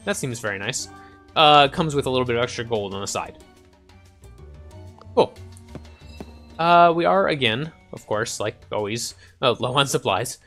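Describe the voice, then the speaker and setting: A man's voice: medium pitch, animated, moderate pace, fairly bright tone. A man hosting a casual let's-play, chatting and reading game text aloud. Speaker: gaming channel host. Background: faint game music.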